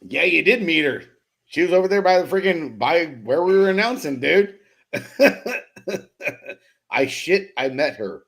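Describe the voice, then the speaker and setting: A man with a somewhat high, gravelly voice hosts a casual live stream. He reads viewer comments aloud, calls out chatters by name, and keeps the banter profane and full of laughter. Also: animated, a little slow, long pauses, fairly bright tone. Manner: joking, profane, laughs often; loose and teasing with chatters by name. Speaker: host of a BMX live show.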